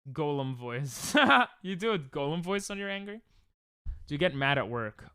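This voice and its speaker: A man's voice: on the high side, lively intonation, normal speed, bright, forceful tone, clear, resonant tone, no room sound. A young man chatting casually on a live stream while gaming, joking, laughing often and reading chat aloud from a close desk mic at home.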